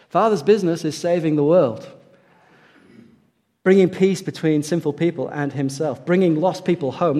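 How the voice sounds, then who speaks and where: A man preaching a sermon, swinging between raised emphasis and quiet, hushed lines, often questioning his congregation. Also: a little high. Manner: animated, rises for emphasis and drops to a hush, asks the audience questions. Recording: long hall reverb.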